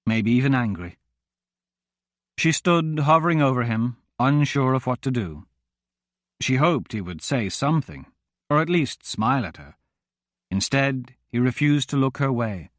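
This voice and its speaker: A man narrating a fantasy audiobook in a steady, even storytelling voice. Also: medium pitch, no echo, clean studio sound. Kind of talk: scripted narration.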